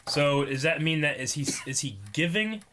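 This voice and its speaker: A young man hosting a reaction show, chatting casually and thinking out loud with laughs. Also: fairly high pitch, animated, normal speed, slight background noise. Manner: loose, laughing, thinks aloud. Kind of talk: casual chat.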